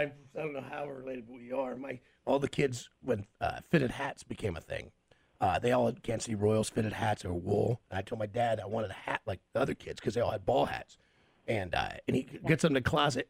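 A man hosting a casual chat, telling childhood stories in an animated, cussing way. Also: medium pitch, a little fast, gravelly, husky, no echo. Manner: animated, swearing storyteller.

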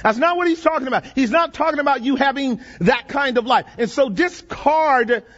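Male pastor, very high-pitched voice; dramatic call-and-response sermon delivery in a reverberant hall. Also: a bit bright. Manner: dramatic, drawn-out scripture reading, engaging the congregation with questions. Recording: dull lo-fi audio with long reverb.

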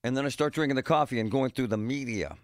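A man's voice: mid-range voice, quick pace, no room sound, studio quality. A middle-aged man hosting a radio show, rambling and joking in a casual monologue with punchy exclamations.

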